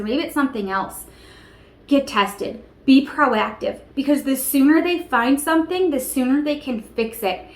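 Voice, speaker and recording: A woman in her thirties speaks to her viewers in an earnest, emotional way, often reaching for "you know" and "like". Her voice sits fairly high, and the room around her rings with echo. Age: 30s. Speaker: vlogger. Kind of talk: personal storytelling to camera.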